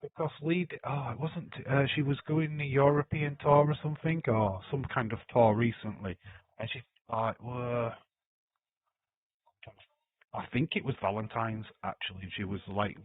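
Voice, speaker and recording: A man's voice: mid-range voice, fairly even intonation, normal speed, dry recording. A man hosting a live watch-along stream, reading chat comments aloud and joking, teasing and laughing often. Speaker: livestream host. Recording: dry, phone-like lo-fi sound.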